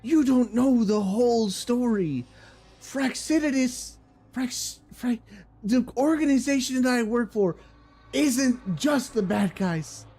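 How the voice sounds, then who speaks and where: A stock menacing male game villain , as a man mockingly puts him on, drawling slowly with put-on menace. The voice sits higher than his own, and each line is delivered with slow, theatrical weight. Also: animated, warm tone, breathy edge, faint music behind, exaggerated voice.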